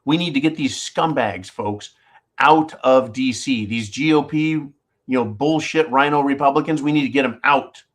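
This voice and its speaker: A man's voice: mid-range voice, normal speed. A man hosting a live show, ranting in a heated, profane way, repeating himself and calling his listeners "folks.". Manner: fired-up, profane, repeats phrases, addresses "folks". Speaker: host of a live call-in show. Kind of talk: heated political rant.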